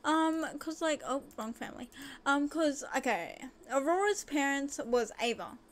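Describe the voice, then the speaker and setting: Woman, high-pitched, unhurried, excitable let's-play commentary, gasps and gushes. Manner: gushing and excitable, lots of gasps and squeals. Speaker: gaming video host.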